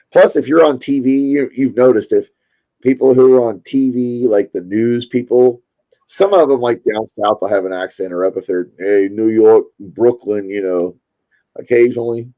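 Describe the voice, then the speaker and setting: A man's voice: medium pitch, normal speed, highs cut off. A man with a Louisville Kentucky accent, chatting casually and rambling to his stream viewers. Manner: rambling, chatty, self-interrupting.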